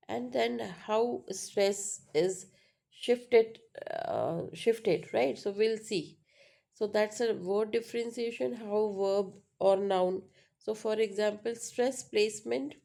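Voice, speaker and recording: A woman's voice: mid-range voice, gravelly, dark tone. A woman, teaching pronunciation patiently and checking in with "right?" often. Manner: patient, repeats points with frequent "right?" and "uh". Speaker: English teacher. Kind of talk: slow classroom-style explanation.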